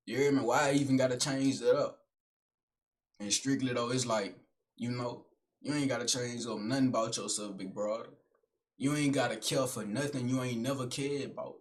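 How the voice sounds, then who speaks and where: A young man, a skit creator, performs a comedic monologue talking to himself in slangy, profane speech. He speaks at a moderate pace, swinging between loud projecting and low mumbling.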